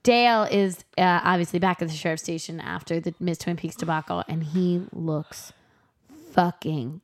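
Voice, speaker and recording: A woman co-hosting a casual recap podcast, chatty and profane, slipping into quick voices for the characters. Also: lowish voice, fairly even intonation. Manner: chatty, swears, acts out characters in quick impressions. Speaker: podcast co-host recapping a TV episode. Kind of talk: casual chat.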